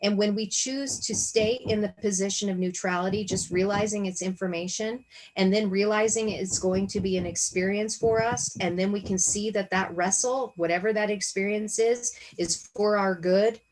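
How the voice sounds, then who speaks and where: A woman's voice: mid-range voice, fairly even intonation, normal speed, a little mellow, low-quality recording. Woman, video-call host, earnest, reflective, teaching casually. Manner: earnest and reflective, asks herself questions aloud. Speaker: Bible study discussion host.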